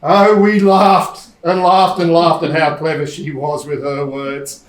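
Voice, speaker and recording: A man's voice: on the high side, little pitch movement, measured pace, close to an everyday voice. An actor playing a blunt, teasing older man with an Australian accent on stage. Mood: nostalgic. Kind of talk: stage play acting. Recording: echoey theatre stage.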